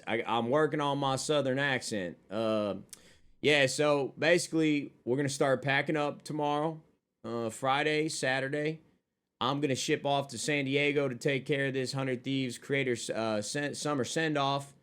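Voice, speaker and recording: Here a man with a smooth, fairly bright, medium-pitched voice takes his time as he chats with his stream. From his desk with a monitor, he reads viewer comments and answers them with relaxed, foul-mouthed humor.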